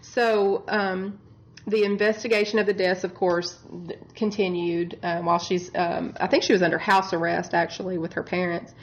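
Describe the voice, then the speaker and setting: A woman's voice: fairly low pitch, flat delivery, moderate pace, highs cut off, slight background noise. A woman who works as a bedside nurse, co-hosting a casual true-crime chat and telling the case with exasperated humor and frequent laughter. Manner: chatty, exasperated, laughs often. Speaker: podcast co-host.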